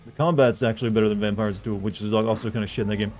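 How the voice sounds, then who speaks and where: A man on the low side, with a steady, slightly mellow tone, talks very fast while streaming a video game live. He rambles casually, swears and jokes over faint game music.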